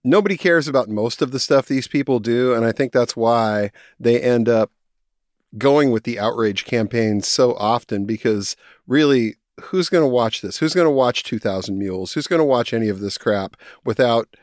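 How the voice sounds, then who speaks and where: A man's voice: mid-range voice, normal speed, no room sound. A man in casual podcast talk, speaking in a dry, blunt, dismissive way. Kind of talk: casual political podcast chat.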